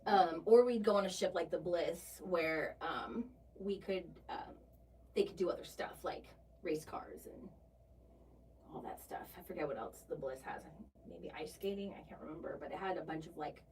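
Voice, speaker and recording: A woman's voice: lowish voice, normal speed, a little mellow. A woman co-hosting a casual travel chat at home, chatty and teasing, with lots of fillers. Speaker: podcast co-host. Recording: distant mic with faint noise.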